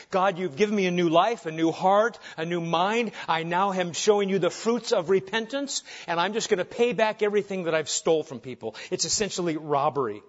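Emphatic male preacher, lo-fi sound. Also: sits high. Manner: emphatic preaching, dropping soft on key phrases and rising when animated. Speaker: pastor. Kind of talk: sermon.

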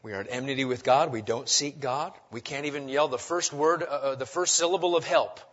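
A man preaching a sermon, asking rhetorical questions and swinging between loud emphatic lines and quiet asides. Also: mid-range voice, fairly quick, husky, muffled recording. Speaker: pastor.

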